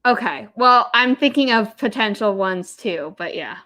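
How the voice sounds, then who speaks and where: A woman's voice: mid-range voice, expressive, measured pace, bright, forceful tone. A young woman hosting a casual livestream writing session, chatting and answering viewer comments. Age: young adult. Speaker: livestream host, author.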